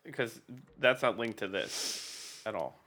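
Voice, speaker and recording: A blunt man from Pennsylvania chats casually on a call, his low voice bright and forceful. He jokes freely and argues his point without backing down. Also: lively intonation. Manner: blunt, joking, quick to defend himself. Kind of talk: casual chat. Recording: video call connection.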